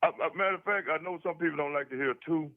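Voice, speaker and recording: A man's voice: a little high, fast talker, no echo, phone-quality sound. A man calling in to a sports talk show, speaking emphatically in a folksy way. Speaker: caller.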